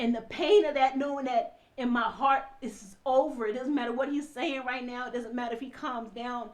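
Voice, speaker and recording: A high-pitched woman tells her own story in tears. She swings between near-whispers and loud, forceful outbursts, and her voice stays raw and impassioned throughout. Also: steady tone, a little fast, few pauses. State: crying. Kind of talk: emotional personal testimony.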